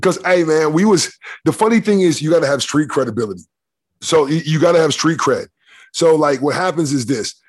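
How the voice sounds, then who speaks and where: A man's voice: on the high side, animated, brisk, husky. A man co-hosting a casual podcast, talking in profane, slang-heavy street banter. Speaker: co-host.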